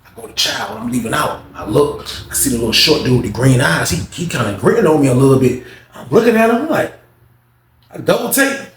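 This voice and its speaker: A man telling a story in a casual, animated, slangy monologue, full of profanity. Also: on the high side, fast talker. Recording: echoey room with faint noise.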